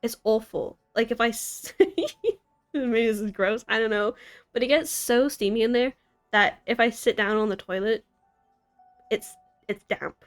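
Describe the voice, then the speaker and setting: A woman's voice: a little high, expressive, a little slow, soft background music. A young American woman in her twenties, chatting casually on a live stream from her city apartment, rambling and giggling at herself. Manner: rambling, giggly, self-deprecating. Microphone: desk mic.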